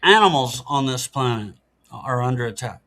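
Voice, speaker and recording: A man's voice: medium pitch, expressive, moderate pace, pushed and bright. A middle-aged man, a podcast guest, talking casually and explaining things in an earnest, matter-of-fact way. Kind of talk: casual interview talk.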